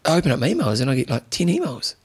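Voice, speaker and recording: A man's voice: mid-range voice, huge pitch swings, very fast, slightly rough. A man co-hosting a podcast in rambling casual chat, laughing often. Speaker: podcast co-host.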